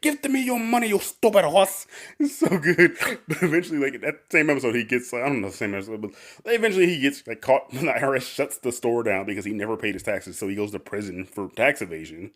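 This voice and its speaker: A man's voice: mid-range voice, animated, fast, a bit bright. A man hosting a casual podcast, rambling with lots of fillers and frequent laughter. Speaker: podcast host.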